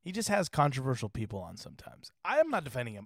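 A man co-hosting a podcast in casual comedic chat, riffing with deadpan sarcasm. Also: mid-range voice, fast talker, dry recording, clean studio sound. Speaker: podcast co-host.

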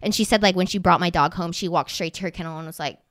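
A young woman spins a funny story in relaxed conversation, peppered with "like" and casual swearing. The sound is close and dry. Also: lowish voice, quick pace, no echo. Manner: animated storytelling, swears freely, many "like" fillers. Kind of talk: casual chat.

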